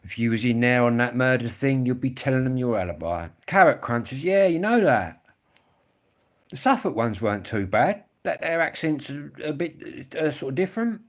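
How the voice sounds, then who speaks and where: A man's voice: mid-range voice, animated, moderate pace. A man hosts a casual live stream and chats straight to his viewers. He rambles from one story to the next, swearing freely in a blokey, matter-of-fact way.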